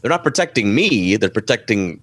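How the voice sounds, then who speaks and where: A man's voice: lowish voice, very animated, fairly quick, fairly bright tone, husky. A man in casual podcast chat, blunt and assertive, explaining things matter-of-factly. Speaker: podcast panelist.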